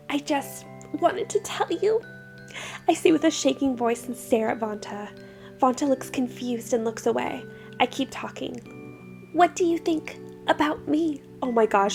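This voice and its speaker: Young woman streamer, high and gravelly, excitable game reading with commentary. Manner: excitable, giggly, reacts loudly.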